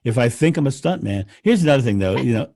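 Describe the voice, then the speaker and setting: A man, a podcast guest, talking in casual conversation, animated and laughing often as he rants. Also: mid-range voice, quick pace, vocal fry, dry recording, studio quality.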